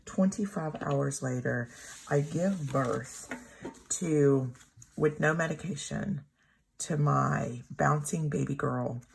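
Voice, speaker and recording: A middle-aged woman tells a long personal story in a loose, rambling way while she decorates her planner. Her voice sits low and has a gravelly edge, and she laughs often. A faint hiss runs under the recording. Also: slow pace. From Texas. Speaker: planner vlogger.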